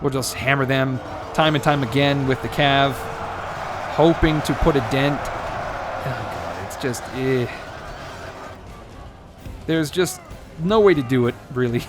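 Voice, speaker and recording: A man's voice: mid-range voice, takes it slowly, long pauses, music in the background. A man giving casual let's play commentary on a strategy game, sarcastic and joking, swearing and rambling as he plays. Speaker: gaming commentator.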